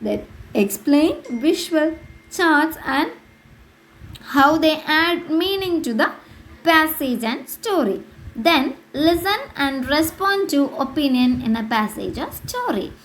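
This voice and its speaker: A woman's voice: high-pitched, animated. A woman teacher with an Indian English accent, giving an English lesson to children. She repeats words and spells them out. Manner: slow, repetitive, spells out words.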